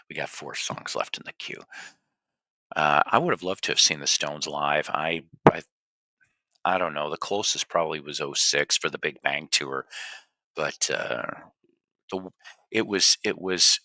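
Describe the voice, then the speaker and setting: A man's voice: rumbling low, pushed and bright, dry recording. A man hosting a record show, chatting casually between songs and rambling with restarts.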